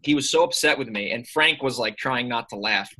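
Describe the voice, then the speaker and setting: A man in his early twenties, a sales coach telling an animated anecdote in a casual way. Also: mid-range voice, slightly rough, rough recording. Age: early 20s. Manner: animated anecdote with quick asides. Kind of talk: casual storytelling.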